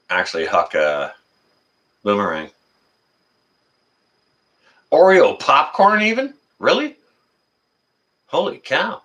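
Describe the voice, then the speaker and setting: A man's voice: low voice, sharp tone. A middle-aged man, hosting a casual live stream, reading the chat and answering viewers by name in a folksy, teasing way.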